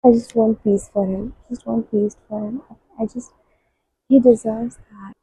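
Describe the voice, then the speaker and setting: A young woman talking about the book she is reading, with very breathy, husky air around every word. Her voice sits fairly high but sounds soft and mellow, and she speaks slowly, gushing and emotional. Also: fairly even intonation, no echo, poor audio. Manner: gushing, emotional reactions while reading aloud. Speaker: book vlogger. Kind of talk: casual reading-vlog commentary.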